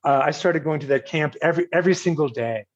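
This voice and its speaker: Talking fast in a voice on the high side, an older man from Virginia, United States, pokes fun at himself in a story told as a podcast guest. It's a casual interview, and he chuckles at himself while quoting others; the recording is slightly dull and lo-fi.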